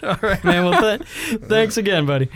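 A man's voice: high voice, very animated, moderate pace, fairly bright tone. A man co-hosting a podcast in casual chat who laughs often and swears casually. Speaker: podcast co-host.

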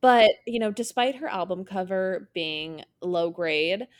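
A young woman co-hosting a podcast in easy, chatty conversation. She laughs often and keeps the talk playful and animated, with a voice of middle pitch. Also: unhurried. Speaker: podcast co-host. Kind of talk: casual chat.

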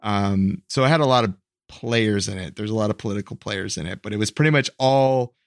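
A man's voice: lowish voice, brisk, dry recording, studio quality. A man co-hosting a podcast, explaining a history topic in a rambling, hesitant way, full of fillers and self-corrections. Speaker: podcast co-host. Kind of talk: casual explanatory chat.

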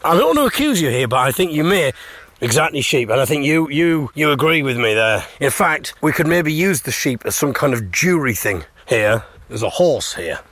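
A man's voice: mid-range voice, a bit bright, dry recording. A man hosting his own audio show, chatting casually and narrating while out on a country walk. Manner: chatty, amused, a bit awkward. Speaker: podcast host. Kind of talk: casual walking chat and narration.

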